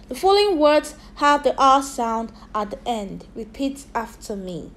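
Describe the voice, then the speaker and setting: A woman English teacher leading a phonics lesson for young children, slowly sounding out and spelling words for them to repeat. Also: high voice, animated, a bit bright. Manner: slow, drilled repetition of sounds and spellings.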